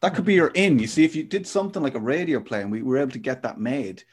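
A man's voice: mid-range voice, expressive, fast, slightly rough. A man hosting a podcast, chatting with a friend in an enthusiastic, teasing, jokey way. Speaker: podcast host. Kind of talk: casual chat.

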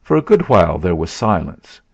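Man, story narration, measured, gravelly, low-pitched. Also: big pitch swings. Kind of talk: scripted narration. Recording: dull lo-fi sound.

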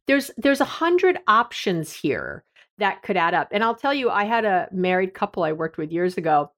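A woman's voice: fairly low pitch, gravelly. A middle-aged woman, a therapist hosting an advice podcast, talking candidly in a conversational, self-deprecating way.

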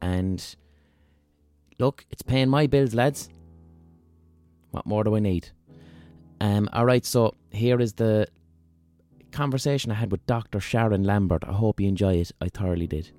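A man's voice: on the low side, a little slow, pauses often, warm tone, no room sound, faint music behind. Irreverent, jokey male podcast host. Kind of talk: casual podcast chat.

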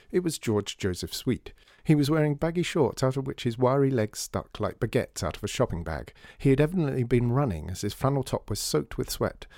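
Male storyteller, measured and expressive, mellow voice, dry booth. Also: mid-range voice, dry recording. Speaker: audiobook narrator. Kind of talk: scripted narration.

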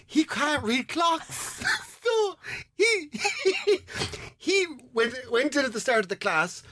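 Animated man telling stories. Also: extremely high pitch, takes it slowly, no room sound, studio quality. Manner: animated, swearing, bursts into laughter, acts out quotes. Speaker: podcast co-host. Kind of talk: casual storytelling chat.

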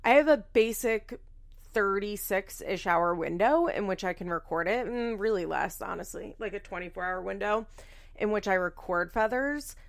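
A woman's voice: medium pitch, moderate pace, vocal fry. A young woman hosting a podcast alone, chatting in a rambling, casual way, swearing freely and poking fun at herself. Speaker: podcast host. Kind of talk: casual solo podcast chat.

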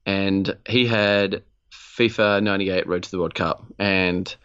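A man's voice: sits low, unhurried, clear, resonant tone, dull audio. A young Australian man co-hosting a gaming podcast, telling a rambling story full of swearing and acted-out quotes. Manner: animated, swears freely, acts out voices in anecdotes. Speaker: podcast co-host. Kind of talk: casual storytelling chat.

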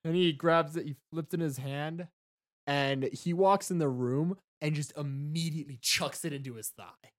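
A man narrating a tabletop game as game master, a lively storyteller. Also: fairly high pitch, normal speed.

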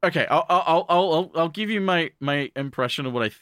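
Man, podcast co-host, rambling anime recap, bright tense tone, dry close sound. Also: on the high side, fairly quick, dry recording. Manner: rambling, with frequent restarts and fillers; quotes characters in offhand voices. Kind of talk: casual anime recap commentary.

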